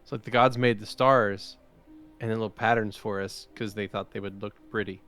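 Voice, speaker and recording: A man's voice: on the low side, steady tone, normal speed, a bit bright, faint music behind. A young man in a tabletop game session, talking casually in character with lots of fillers. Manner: casual, filler-heavy, rambling. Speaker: player.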